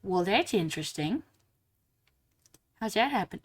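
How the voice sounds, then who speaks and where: A young woman streaming live while drawing, chatting casually and getting bubbly and squealy when excited. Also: medium pitch, normal speed.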